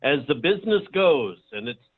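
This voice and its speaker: A man speaking as a producer guest on a video call, halting and full of fillers. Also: fairly high pitch, very animated. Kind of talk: casual talk on a video call. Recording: tinny phone-like call audio.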